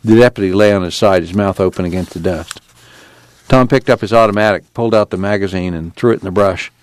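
A man reading a novel aloud in a steady, measured storytelling voice. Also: low voice, dry recording. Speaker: narrator. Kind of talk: audiobook narration.

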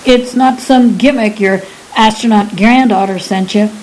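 A woman voicing a gruff, cheerfully crude old man in a wheelchair, in a read-aloud story. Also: medium pitch, a little slow, darkish tone, close to an everyday voice, rough recording. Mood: wry.

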